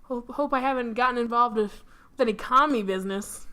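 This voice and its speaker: A woman's voice: a little high, fairly quick, sharp tone, smooth. A woman voicing a flustered young woman on a date, with breezy exclamations. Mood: excited.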